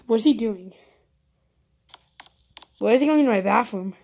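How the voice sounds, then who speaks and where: A woman narrates a roleplay game as she plays it, talking straight to her viewers. Her voice sits a little high, and she turns jumpy at once, piling up quick panicked no's. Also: lively intonation, creaky, darkish tone. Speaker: YouTuber playing a roleplay game. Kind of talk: live gameplay commentary.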